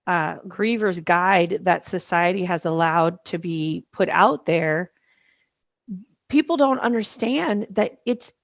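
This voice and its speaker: A woman's voice: mid-range voice, no echo, studio quality. A middle-aged woman co-hosting a podcast, speaking emphatically in casual conversation and repeating words for stress. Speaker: podcast co-host, grief specialist.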